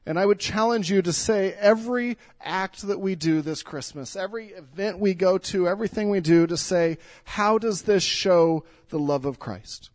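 A man's voice: sits high, moderate pace, few pauses, no room sound. A middle-aged male pastor giving an earnest, pleading sermon in church, often repeating words as he speaks.

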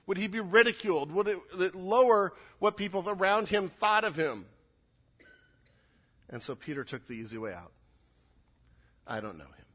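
A man's voice: high voice, expressive, moderate pace, fairly bright tone. A man preaching a sermon, acting out quoted lines with rising intensity. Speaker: pastor.

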